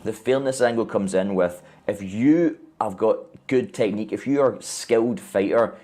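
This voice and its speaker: A man calmly explaining why fighters are matched by weight, in a measured way. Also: fairly low pitch. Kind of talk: explaining combat sports.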